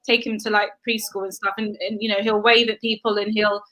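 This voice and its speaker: A woman's voice: medium pitch, little pitch movement, brisk, a bit bright, poor audio. A woman co-hosting a podcast, telling family stories in a casual chat and laughing often. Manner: chatty storyteller, laughs often, acts out her child's voice. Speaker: podcast co-host, mother. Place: home in England.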